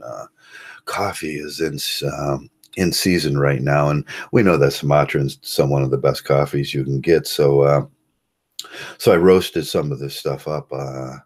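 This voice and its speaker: A man hosting a casual live stream, talking in a rambling, halting way with many fillers and chuckles. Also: very deep voice, darkish tone. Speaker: host. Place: home.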